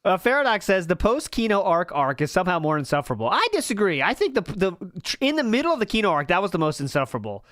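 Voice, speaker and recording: A man's voice: high voice, big pitch swings, fast, few pauses, fairly bright tone, dry recording, clean studio sound. A man hosting a casual watch-party podcast, reading chat comments aloud and laughing often.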